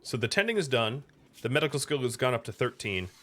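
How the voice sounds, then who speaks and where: A chatty American streamer comments casually on his game, turning to his viewers and his pet between moves. His mid-range voice is sing-song and sharp, and he talks at a quick pace.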